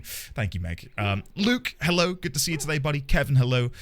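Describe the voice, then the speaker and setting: A man's voice: a little high, very animated, brisk. A man live-streaming a game, chatting casually with viewers, greeting them by name and playing up mock outrage.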